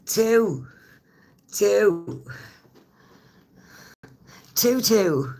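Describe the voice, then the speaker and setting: A woman's voice: medium pitch, lively intonation, drawn-out words, vocal fry, dark tone. An Irish woman and smoker chatting casually with viewers on a live stream, laughing often as she talks. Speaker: livestreamer.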